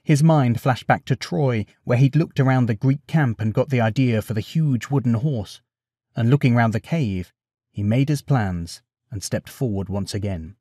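Expressive male storyteller. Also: mid-range voice, moderate pace, no echo, clean studio sound. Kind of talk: bedtime story narration.

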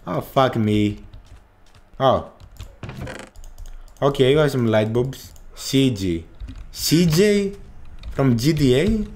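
Man, horror game commentary, jumpy, curses a lot, mid pitch. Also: lively intonation, measured pace. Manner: jumpy, swears a lot, panicked shouting at scares. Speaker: gaming channel host.

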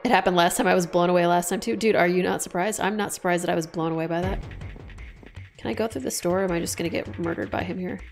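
A woman's voice: lowish voice, fairly even intonation, fast talker, creaky, soft background music. A woman streaming a horror game, chatty and joking, saying "F word" in place of swearing. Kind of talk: casual let's-play commentary.

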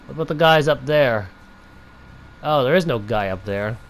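A young man giving playful gameplay commentary, taunting enemies and breaking into drawn-out mock-dramatic shouts. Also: medium pitch, animated, a little hiss or hum.

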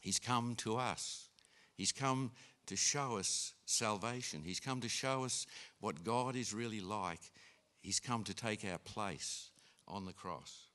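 A man preaching a sermon in an unhurried way, with frequent restarts and fillers. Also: fairly low pitch, pushed and bright. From Australia. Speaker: pastor.

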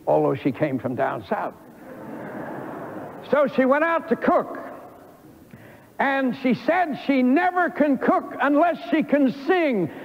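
An older man preaching in a slow, gravelly voice that climbs high and swoops all over. The sermon comes through a dull, old archival recording with long church reverb. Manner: folksy storytelling with lively preaching emphasis. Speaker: pastor. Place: church sanctuary before a congregation.

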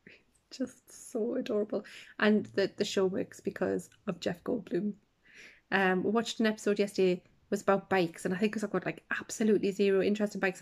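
A woman's voice: medium pitch, gravelly, a little mellow, breathy edge. A middle-aged woman from the UK hosting a podcast, chatting casually and enthusiastically about shows she loves, rambling with asides. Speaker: podcast host. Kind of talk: casual chat reviewing shows.

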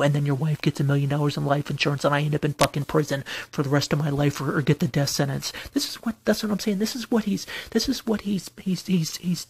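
Slight background noise sits under this man's somewhat high, gravelly, faintly mellow voice. The vlogger rants late at night about personal matters, circling back with many restarts, his grievance building into outbursts of angry cursing.

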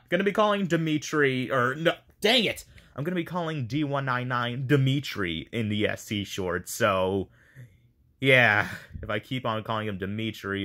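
A man's voice: low voice, sharp tone. A man casually chatting to viewers as he runs a voice casting call, rambling and self-deprecating. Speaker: video creator running a voice casting call.

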